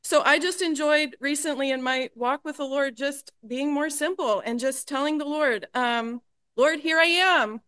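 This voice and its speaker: A woman's voice: sits high, fairly even intonation, normal speed, hardly any pauses, fairly bright tone, no room sound. A woman sharing casually at a church meeting, conversational and full of fillers. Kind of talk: casual testimony.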